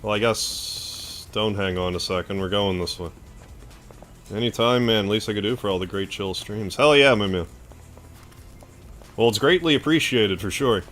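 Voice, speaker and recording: A man with a Canadian accent streaming a game, chatting casually and thanking viewers with excitable outbursts. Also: on the low side, moderate pace, pauses often, faint music behind. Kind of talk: casual gameplay commentary, thanking chat.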